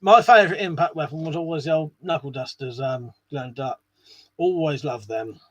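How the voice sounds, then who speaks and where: A man's voice: a little high, moderate pace, fairly bright tone, no echo. A man hosting a casual live stream, chatting to viewers in a rambling way and swearing now and then. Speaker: live stream host reading chat.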